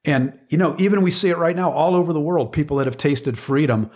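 A man's voice: fairly high pitch, fairly quick, darkish tone. Earnest man teaching scripture in conversation. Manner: earnest, emphatic, repeats words while searching for phrasing.

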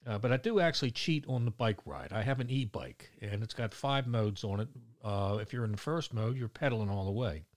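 A man's voice: fairly low pitch, brisk, few pauses. A man in his sixties with a Baltimore accent, rambling bluntly and cracking jokes in a casual monologue. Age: 60s. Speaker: vlogger.

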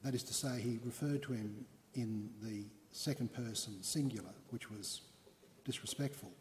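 A man's voice: mid-range voice, moderate pace. A man giving a history lecture as a story, explaining in a wry manner. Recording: long hall reverb.

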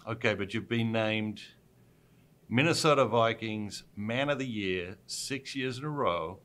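A middle-aged man interviewing a guest, asking questions in a measured, deliberate way. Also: fairly low pitch, a bit bright.

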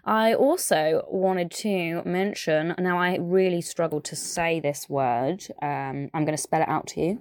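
A young woman with a strong southern English accent talks in a chatty, enthusiastic way, full of asides and little fillers. Her voice sits a little low, and the recording is close and dry with no room sound. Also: measured pace, few pauses, darkish tone, no echo. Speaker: podcast presenter. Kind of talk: casual chat.

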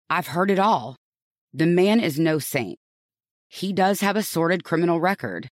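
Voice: mid-range voice, dry recording, clean studio sound. A podcast host narrating a true-crime story, earnest and reflective, posing rhetorical questions to listeners.

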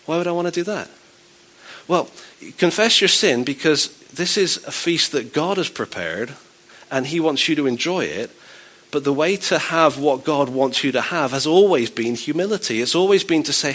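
A man's voice: a little high, expressive, normal speed, fairly bright tone. A man preaching a sermon in a conversational, wry way, with playful asides.

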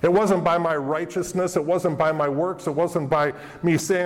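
A man's voice: on the high side, steady tone, moderate pace, hardly any pauses. A man preaching a sermon as pastor, earnest, acting out quoted voices of people now and then. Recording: long hall reverb.

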